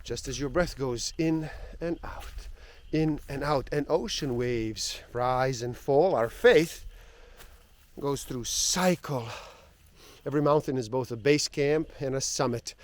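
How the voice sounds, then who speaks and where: A man reading passages of a spiritual book aloud in a slow, reflective way. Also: medium pitch.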